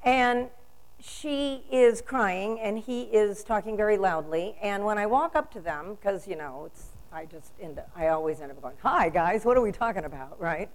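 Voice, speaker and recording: A woman's voice: medium pitch, expressive, normal speed, poor audio. An older woman delivering a storytelling sermon, asking rhetorical questions with emphasis.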